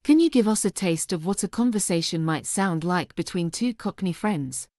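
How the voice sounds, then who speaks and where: A woman hosts an English lesson with polite, encouraging questions for her guest. Her voice sits low for a woman and sounds close and dry, with no room echo. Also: animated, moderate pace, warm tone. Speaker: host.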